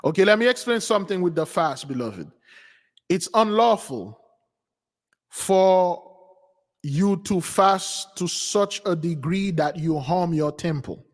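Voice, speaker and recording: A man's voice: sits high, animated, slow, long reverb tail. A man preaching, exhorting his listeners and often restarting his sentences. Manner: repetitive, stumbling restarts, exhorting. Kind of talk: sermon.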